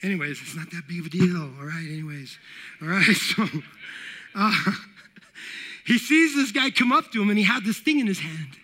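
A man preaching a casual, conversational sermon, often checking in with "all right" and building to loud high points. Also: animated, normal speed, pauses often. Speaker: pastor.

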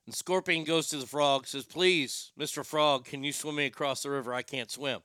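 A man's voice: on the high side, fairly even intonation, normal speed, bright, forceful tone, no echo. A man hosting a radio talk show, telling crude comic stories with acted voices in a brash, riffing way from a studio mic.

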